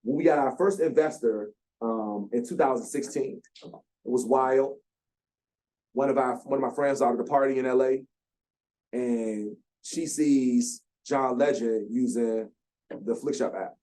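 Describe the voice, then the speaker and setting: A man in his thirties, speaking as a founder at a workshop, telling his story in an animated way and acting out quotes with slang. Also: mid-range voice, unhurried. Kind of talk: storytelling talk. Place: lecture room.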